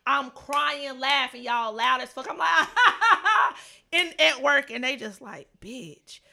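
A woman co-host spins a funny story in a casual podcast chat. Her voice sits a little high and sounds bright and sharp. She tells it in an animated, profane rush, laughing often. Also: normal speed, gravelly.

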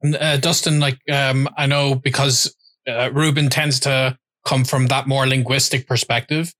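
A man's voice: medium pitch, little pitch movement, pushed and bright. A man hosting an interview, asking a guest a long question with many fillers. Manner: halting, filler-heavy questioning. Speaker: host.

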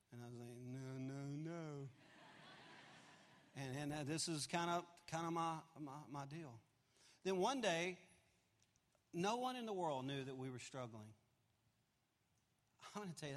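A man in his fifties preaching a confessional story sermon, animated and swinging from loud to hushed, in a large church auditorium. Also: fairly high pitch. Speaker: pastor. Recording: long hall reverb.

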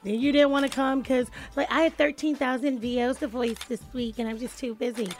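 A woman's voice: high voice, steady tone, brisk, soft background music. A woman hosting a radio talk show in a studio, chatting in a playful, teasing way. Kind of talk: casual radio chat.

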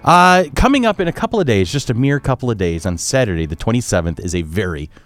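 An upbeat man hosting a casual podcast, rattling off event details with little jokes along the way. His voice is smooth and clear, and the recording is close and dry with no room sound. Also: lowish voice, animated, fast, no room sound. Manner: upbeat, jokey announcer of events. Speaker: podcast host.

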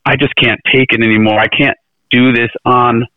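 A man's voice: medium pitch, little pitch movement, normal speed, no echo. Man, middle-aged, interview guest, earnest, rambling, fillers, phone-like sound, dry. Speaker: interview guest, presidential candidate. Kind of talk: casual interview storytelling. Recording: tinny phone-like line, dry.

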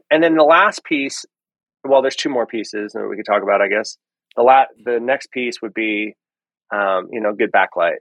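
A man guest on a podcast, explaining in a relaxed way with frequent ums and restarts. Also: fairly low pitch, no echo, rough recording. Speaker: lighting guest. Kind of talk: casual podcast interview.

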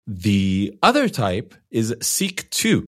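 Low-voiced man co-hosting a casual podcast. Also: huge pitch swings, takes it slowly. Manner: conversational, opinionated, laughs easily. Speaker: podcast co-host. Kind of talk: casual tech podcast chat.

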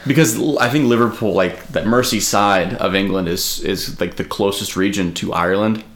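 A man's voice: lowish voice, moderate pace, fairly bright tone. A man co-hosting a podcast in casual chat, rambling with lots of fillers and the odd swear. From United States. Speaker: podcast co-host.

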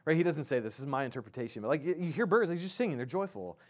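A man's voice: a little high, expressive, very fast. A pastor in his thirties delivers a sermon in a loose, conversational way. He stumbles and restarts often, leaning on fillers as he works through his thoughts aloud. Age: 30s.

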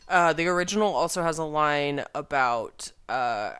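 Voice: medium pitch, lively intonation, normal speed, a bit bright, clear, resonant tone. Blunt, sweary podcast co-host, casual. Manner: blunt and profane, dry sarcasm. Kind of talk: casual chat.

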